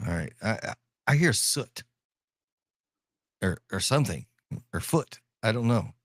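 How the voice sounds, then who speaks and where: Low-voiced joking man from Ohio. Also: sing-song, a little slow, no room sound, clean studio sound. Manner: joking, laughs often, repeats words. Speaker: podcast co-host. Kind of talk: casual chat.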